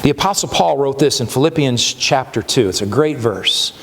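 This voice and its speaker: A male pastor with a mid-range, slightly bright voice, lively intonation, and normal speed, plus a little hiss or hum. He preaches conversationally in the church sanctuary, often asking "right?" and restarting, with the long reverb of a church hall around him.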